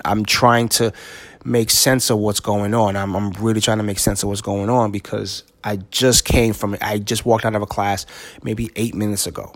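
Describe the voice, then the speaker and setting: A middle-aged man hosting a podcast, telling a personal story in a halting, emotional way with many restarts. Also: on the low side, little pitch movement, no echo. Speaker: podcast host.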